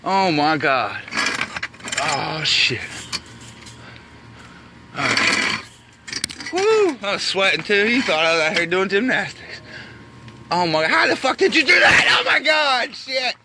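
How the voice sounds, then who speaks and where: Heavy background noise surrounds this high-pitched man whose pitch swings wildly, and he speaks slowly with long pauses. Filming a personal vlog outside his home's back door, he's sweaty and scared, swearing and shrieking in panic as he struggles to release a bird caught there.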